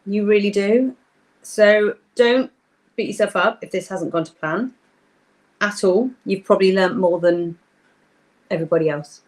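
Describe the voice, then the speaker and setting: A woman's voice: medium pitch, measured pace, pauses often, a little mellow. Chatty woman hosting a live craft stream. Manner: chatty, greets viewers by name, thinks aloud. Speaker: craft workshop host. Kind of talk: casual live-stream chat while crafting.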